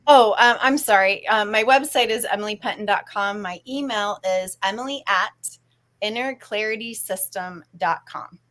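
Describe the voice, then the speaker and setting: A woman's voice: mid-range voice, normal speed, fairly bright tone. Upbeat woman counselor guest. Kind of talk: casual interview chat.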